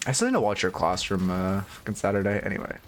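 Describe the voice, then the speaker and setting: Young male stream coach, lowish voice, frank and profane, casual commentary over faint noise. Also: big pitch swings. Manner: frank, swears casually, talks in quick restarts. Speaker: game coach.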